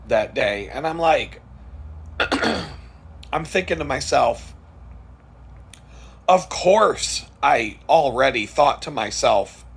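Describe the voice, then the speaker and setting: A man's voice: on the high side, fairly bright tone, husky. A man vlogging, telling a story in a blunt, profane, casual way and laughing at it.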